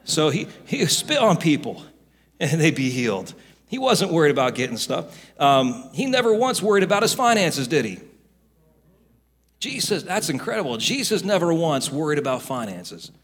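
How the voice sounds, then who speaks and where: A middle-aged male pastor preaches with a slightly husky voice that sits a little high for a man. His delivery is animated, with a wide, swooping range, and his storytelling rises into loud, emphatic rebukes. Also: moderate pace. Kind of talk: sermon.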